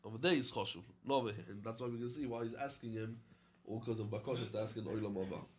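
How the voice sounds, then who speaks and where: A London man teaches a Talmud class in a medium-pitched, slightly rough voice, racing along. He reads short Aramaic phrases and explains each in plain English, with many fillers.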